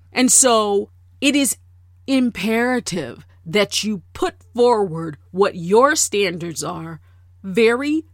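Woman, slow deliberate delivery, slightly high voice, emphatic repetition, dry close mic. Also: fairly bright tone, dry recording. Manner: emphatic, repeats words for effect. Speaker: podcast host. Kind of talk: casual monologue.

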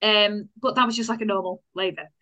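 A British woman co-hosting a podcast, chatting casually and telling animated stories with laughs. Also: mid-range voice, fairly quick. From Britain. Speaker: podcast co-host. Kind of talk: casual chat.

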